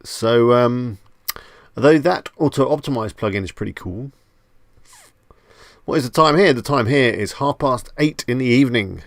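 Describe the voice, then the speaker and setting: Male live stream host, gravelly voice, dry close sound, relaxed and chatty, answers viewers as he goes. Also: medium pitch, moderate pace, pauses often, dry recording. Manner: chatty, reads viewer comments aloud and answers them; jokey, self-amused asides. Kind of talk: casual live stream chat.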